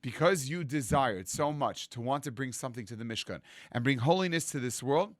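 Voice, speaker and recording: A man giving a rabbi's Torah sermon in a lively storytelling manner, acting out the lines he quotes. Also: medium pitch, brisk, no room sound. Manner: animated storytelling, acts out quotes.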